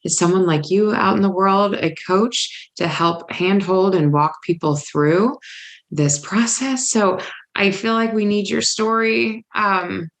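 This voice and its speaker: A woman's voice: medium pitch, slow pace. A woman hosting a podcast interview, supportive and affirming, drawing out her guest's story. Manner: supportive, with many affirming murmurs. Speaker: podcast host.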